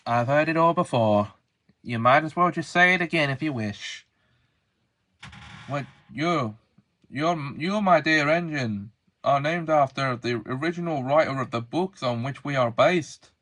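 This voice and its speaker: Slow, rambling man in character banter. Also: on the high side, a bit bright. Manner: rambling, self-aware asides. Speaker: voice actor for a fan model-train series.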